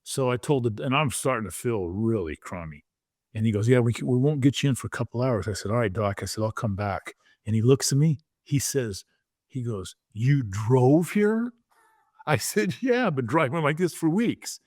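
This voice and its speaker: A man in his sixties, a former pro football player, telling a story on a podcast in a vivid, animated way and acting out the quoted lines. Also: mid-range voice, fairly quick, no echo, clean studio sound.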